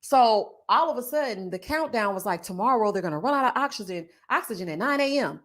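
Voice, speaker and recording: A woman hosting a casual reality TV recap livestream. She talks straight to her viewers, reads their chat aloud, and bursts into loud laughs. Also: fairly high pitch, expressive, a little fast.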